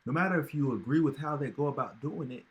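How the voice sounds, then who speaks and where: A man's voice: medium pitch, fast. A man hosting a reaction video, talking in casual, emphatic commentary with slang and repeated phrases.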